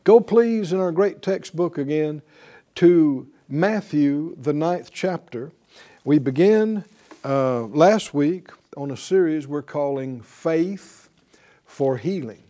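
A man's voice: fairly high pitch, lively intonation, slow pace, dark tone. A man preaching a sermon, reading scripture aloud and pressing his point with emphatic rhetorical questions. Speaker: pastor.

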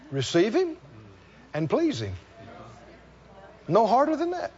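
High-voiced, lively male preacher. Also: slow, lo-fi sound. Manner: folksy, animated preaching with acted-out dialogues. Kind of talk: sermon.

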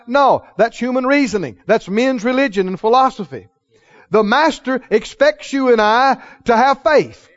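A man preaching a sermon in church, emphatic, drawing call-and-response from the congregation and slowing down to stress key phrases. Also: very high-pitched, expressive, dull audio. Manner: slows for key phrases, acts out dialogue in quoted voices. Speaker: pastor.

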